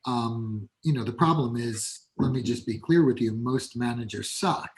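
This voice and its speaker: Guest coach, male, New York accent, plain mid pitch, punchy and direct. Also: moderate pace. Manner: blunt, emphatic, acts out example dialogues. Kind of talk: conversational podcast interview.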